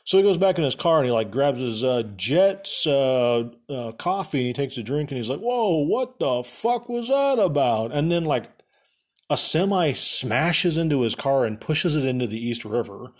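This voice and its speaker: A man's voice: medium pitch, animated, normal speed. A young man casually recapping a movie for laughs, rambling with lots of fillers and sarcastic asides.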